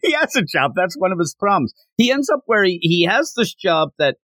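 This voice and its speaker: A man chats through a manga podcast in a loose, joking way, trailing off and restarting as he goes. His pitch rises and falls a lot. The sound is dry and close, with no room echo. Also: big pitch swings, brisk, fairly bright tone. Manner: rambling, self-interrupting, joking. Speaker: podcast host. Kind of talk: casual podcast chat.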